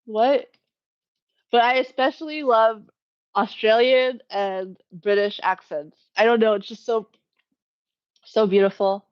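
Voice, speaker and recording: A woman's voice: fairly high pitch, fairly even intonation, a little slow, pauses often, dull audio. A woman hosting a casual live Q&A from home, rambling and correcting herself, laughing often as she talks to her chat. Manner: rambling, self-correcting, chatty with frequent laughs. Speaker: livestream host.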